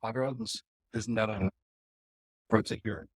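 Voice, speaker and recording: A man reading aloud in class as a student, quiet and hesitant, sounding unsure. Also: fairly low pitch, fairly even intonation, normal speed, slightly rough, no echo. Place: classroom, away from the mic.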